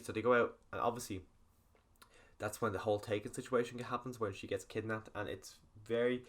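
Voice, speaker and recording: A man's voice: on the low side, steady tone, a little fast. A man casually recapping a film's plot in a rambling spoiler review, full of fillers. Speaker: film reviewer.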